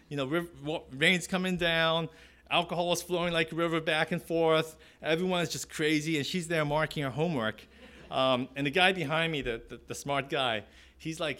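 A man's voice: on the high side, sharp tone. A man preaching a sermon, telling a personal story with many restarts and fillers and acting out other people's lines. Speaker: pastor.

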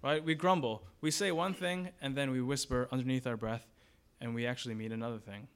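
A man delivers a sermon as a pastor. His voice sits in an ordinary middle pitch, and he talks conversationally, asking his listeners questions as he makes his point. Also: fairly even intonation, brisk, clear, resonant tone. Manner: conversational, asks the congregation questions and acts out grumbling voices.

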